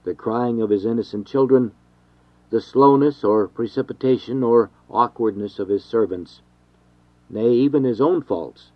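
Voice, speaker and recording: A man reading an old devotional text aloud in a measured, formal way. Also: fairly low pitch, no echo. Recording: dry, dull lo-fi recording.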